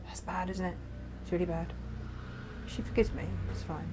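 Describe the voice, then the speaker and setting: A woman's voice: lowish voice, fairly even intonation, moderate pace, noisy background. Chatty woman hosting a craft show. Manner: chatty, laughing, trails off into asides. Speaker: host of a craft live show. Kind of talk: casual live chat selling fabrics.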